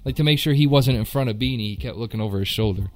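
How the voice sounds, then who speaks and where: A man's voice: mid-range voice, very fast, a little mellow. A man co-hosting a casual hip hop podcast, blunt and emphatic, swearing freely. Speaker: podcast co-host.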